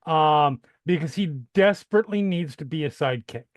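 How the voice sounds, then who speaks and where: A man playing a tabletop role-playing game, slowly and jokingly rambling about his character. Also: fairly high pitch, animated, no room sound, clean studio sound. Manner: slow, rambling, jokey. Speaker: player.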